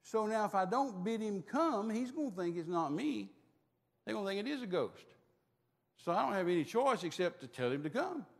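A man preaching voices a calm leader calling out to reassure his frightened friends. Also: high-pitched, moderate pace, vocal fry, big-room sound, exaggerated voice. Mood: thoughtful. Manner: soothing, encouraging calls.

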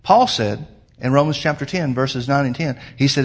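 A man preaching a sermon as pastor, emphatic, slowing down to quote scripture. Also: mid-range voice, husky.

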